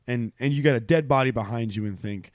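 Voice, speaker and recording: A man's voice: medium pitch, fast, no echo, clean studio sound. A man co-hosting a casual comedy podcast, swearing and joking as he talks. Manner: animated, swearing, laughs a lot. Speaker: podcast co-host.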